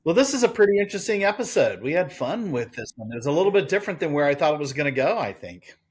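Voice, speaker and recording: A man co-hosting a podcast, introducing the episode in quick, chatty, upbeat banter. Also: a little high, big pitch swings, slightly rough. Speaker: podcast co-host.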